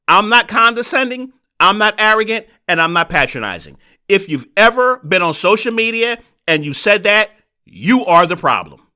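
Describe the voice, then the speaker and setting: A man hosting a solo podcast, talking in an animated, rhetorical way. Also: sits high. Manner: animated, rhetorical, mocking quoted voices. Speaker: podcast host.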